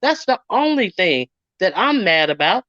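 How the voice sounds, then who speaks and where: An indignant woman streamer ranting in casual commentary, slipping into quoted voices as she retells arguments. Her voice sits at an ordinary middle pitch. The sound is dull and lo-fi, dry and close. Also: big pitch swings, normal speed, a bit bright, no room sound.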